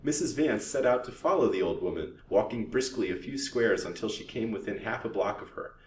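Man reading a story out loud, lowish voice, steady, echoey room and far from the mic. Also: fairly quick, a little hiss or hum.

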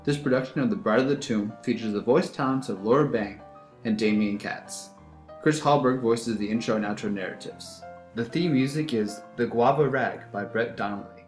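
A man's voice: medium pitch, moderate pace. Man announcing over faint music. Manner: plain, informative. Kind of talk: scripted outro announcement. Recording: roomy with music underneath.

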